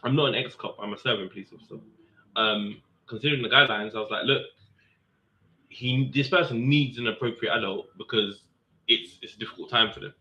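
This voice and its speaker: Cop, casual anecdote, bright edgy voice, slightly muffled recording. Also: male voice, fairly quick. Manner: animated, acts out quotes with raised pitch. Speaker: serving police officer telling a story. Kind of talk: casual storytelling monologue. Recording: dull lo-fi sound.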